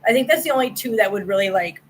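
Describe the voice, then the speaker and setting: A woman's voice: mid-range voice, expressive, fast, slight background noise, low-quality recording. A woman hosting a casual livestream, chatting with her viewers by name, laughing often and repeating herself for emphasis. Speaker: host of a cat channel.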